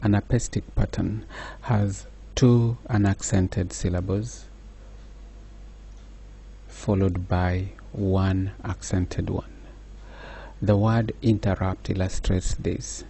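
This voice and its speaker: A man giving a slow, measured lecture, pausing often with fillers. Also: low voice, steady tone, warm tone, breathy edge. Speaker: teacher. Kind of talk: recorded lecture.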